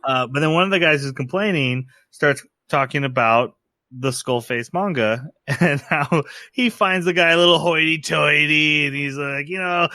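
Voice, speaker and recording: A man co-hosting a podcast in casual chat, with a bright, forceful voice pitched a little high. He retells scenes in an animated way. The recording is dry and close. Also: moderate pace, no room sound. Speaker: podcast co-host.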